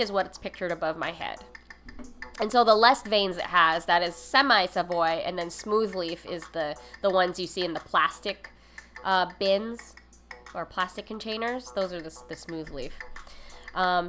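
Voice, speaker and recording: A woman's voice: medium pitch, pushed and bright, a little hiss or hum. A woman hosting a cooking livestream, talking casually with many fillers and giggly asides. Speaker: cooking stream host. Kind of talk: casual educational livestream talk.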